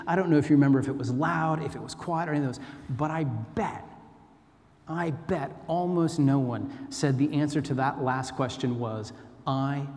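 A man's voice: medium pitch, darkish tone. American male preacher, conversational storyteller, mid-range voice, echoing big hall. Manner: chatty, self-deprecating, storytelling. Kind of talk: informal sermon. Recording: long hall reverb.

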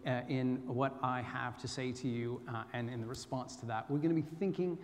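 A man's voice: mid-range voice, fairly even intonation, normal speed. American male preacher, conversational storyteller, mid-range voice, echoing big hall. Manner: chatty, self-deprecating, storytelling. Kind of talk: informal sermon. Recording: long hall reverb.

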